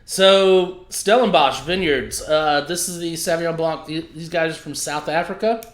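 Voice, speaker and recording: A man's voice: a little high, normal speed, roomy sound. A man hosting a casual wine tasting chat, describing tasting notes with frequent laughs. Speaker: wine reviewer host.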